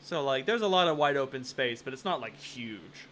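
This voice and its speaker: Bright-voiced, cussing game master. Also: male voice, medium pitch, lively intonation, moderate pace, slight background noise. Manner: casual, swears freely, explains with lots of "like". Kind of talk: running a tabletop game.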